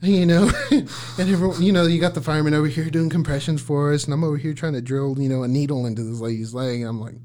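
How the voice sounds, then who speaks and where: A man's voice: on the high side, steady tone, racing, hardly any pauses, warm tone. A man, a paramedic guest, telling work stories in casual chat, laughing often and acting out his own lines in a raised voice.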